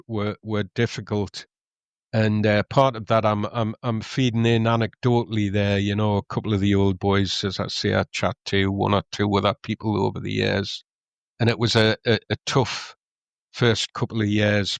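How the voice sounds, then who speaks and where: A man's voice: fairly low pitch, clean tone, no echo. A middle-aged man, chatting on a podcast, rambling with lots of ums and restarts. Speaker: podcast co-host, club historian. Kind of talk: casual podcast chat.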